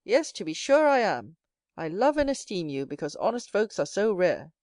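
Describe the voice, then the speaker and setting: A woman reading a classic novel aloud as an audiobook narrator, voicing each character herself and lifting her pitch for the young hero. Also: big pitch swings, moderate pace, darkish tone, no echo, studio quality. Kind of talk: scripted narration.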